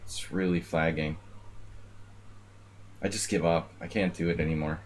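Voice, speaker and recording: A man's voice: low voice, fairly even intonation, moderate pace, slight background noise. A man live-streaming blitz chess, chatting casually with viewers and rambling jokingly between moves. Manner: rambling, joking, talks to chat.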